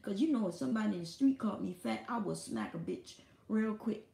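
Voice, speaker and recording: Gravelly, blunt-talking woman live-streamer. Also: mid-range voice, expressive, a little fast, dark tone, roomy sound. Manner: blunt and profane. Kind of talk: casual live-stream monologue.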